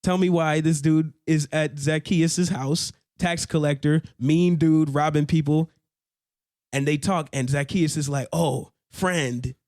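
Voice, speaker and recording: Young man, podcast co-host, earnest casual talk, slightly high voice, dry close sound. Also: fairly even intonation, measured pace, a little mellow, no room sound. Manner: earnest, laughs often, searches for words. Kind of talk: casual faith podcast chat.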